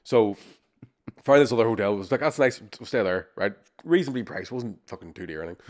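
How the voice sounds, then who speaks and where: A man co-hosting a podcast, telling animated, sweary anecdotes with acted-out quotes. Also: fairly low pitch, fast. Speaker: podcast co-host. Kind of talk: casual storytelling chat.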